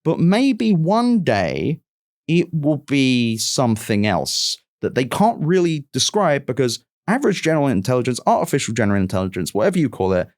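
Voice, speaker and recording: A man's voice: mid-range voice, very animated, normal speed, dry recording, clean studio sound. A man with a mixed West London and American accent, talking as a guest in a casual chat, swearing freely and ranting with exasperation. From England. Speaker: podcast guest.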